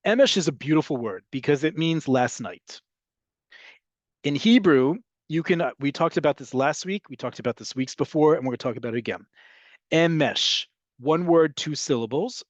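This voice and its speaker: A man's voice: mid-range voice, no room sound. Man teaching an online Hebrew class. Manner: explanatory, answers questions, repeats terms slowly.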